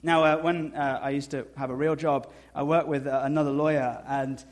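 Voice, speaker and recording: Brief: male pastor, sermon, slightly higher voice, shifts from slow soft emphasis to loud high asides, dry humor. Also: fairly even intonation. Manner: conversational preaching with dry humor.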